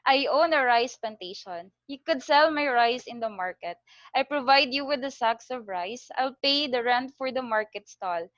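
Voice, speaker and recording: A woman playing a calm generous rich man. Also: a little high, moderate pace, dry recording. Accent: Filipino. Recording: dull lo-fi dry recording.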